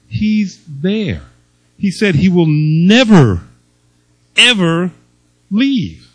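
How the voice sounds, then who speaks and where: Older guy pastor preaching, emphatic and funny, fairly high voice, dry close sound. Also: big pitch swings, slow pace, dry recording, low-quality recording. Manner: emphatic, humorous storytelling. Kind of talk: sermon.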